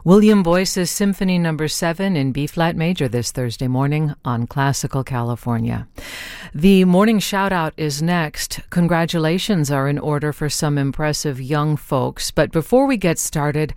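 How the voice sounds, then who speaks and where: A classical music radio host talking brisk and friendly into a close studio mic. The voice is smooth and clear, and the room sound is very dry. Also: mid-range voice, darkish tone, no echo. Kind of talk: casual radio hosting.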